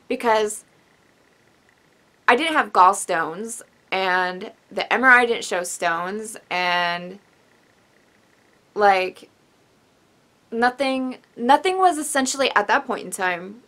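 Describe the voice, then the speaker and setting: A woman's voice: medium pitch, expressive, slow pace, long pauses, sharp tone. Emotional young woman telling her story. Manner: rambling, emotional, with sighs and apologies. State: tearful at times. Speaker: vlogger. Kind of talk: personal story vlog.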